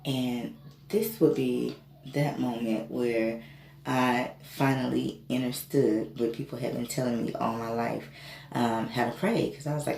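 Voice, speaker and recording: A woman tells a personal story in a casual, animated way and swears freely. She sounds gravelly at times. The room has a noticeable echo. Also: rumbling low, a little slow. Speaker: spiritual reader and reiki healer. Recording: echoey room with faint noise.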